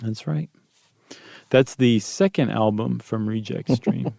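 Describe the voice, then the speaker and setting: Gravelly-voiced joking podcast co-host man. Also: medium pitch, slow, warm tone, no echo, studio quality. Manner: loose, joking, rambles with fillers. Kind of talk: casual chat.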